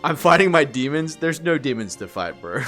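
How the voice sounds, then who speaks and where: A man streaming live, rambling through animated work stories to his chat, swearing and laughing as he goes. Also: fairly high pitch, moderate pace, faint music behind.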